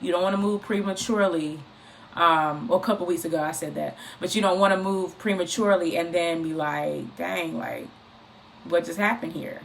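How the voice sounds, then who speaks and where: A woman giving an informal, encouraging faith talk, speaking in an animated, repetitive, conversational way. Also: fairly low pitch, brisk, slight background noise. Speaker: inspirational speaker.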